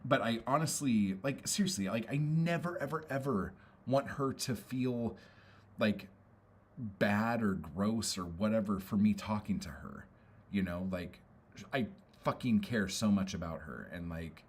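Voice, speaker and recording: A man's voice: on the low side, lively intonation, a little slow, husky. A man venting on a casual livestream, frustrated and rambling, swearing often and filling gaps with "um" and "like". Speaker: poet and streamer.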